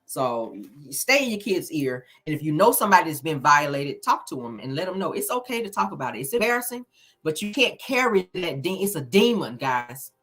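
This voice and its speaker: Brief: woman in her thirties, bright and forceful, slightly low pitch, blunt, animated celebrity gossip host, swears freely. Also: fairly quick, faint music behind. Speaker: celebrity news commentator. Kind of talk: casual commentary to viewers.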